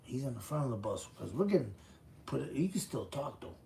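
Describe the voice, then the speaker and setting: A man's voice: medium pitch, sing-song, a little fast, gravelly, warm tone, slight background noise. A man in his fifties from the Chicago area, telling his own prison story in a blunt, profane, street-talk way. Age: 50s. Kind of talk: casual storytelling.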